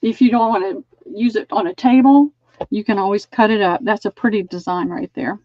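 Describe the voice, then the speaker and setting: A woman's voice: medium pitch, fairly quick, darkish tone, dry recording, dull audio. A woman hosting a live online sale, chatting as she measures and describes items. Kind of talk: live-streamed sale pitch.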